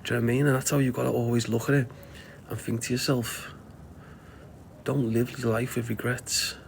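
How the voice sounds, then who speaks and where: A man's voice: mid-range voice, level tone, brisk, creaky, a little hiss or hum. A middle-aged man with a Scouse accent, hosting a casual livestream and giving blunt, sweary life advice to viewers. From Liverpool, England. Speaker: live stream host answering viewer comments.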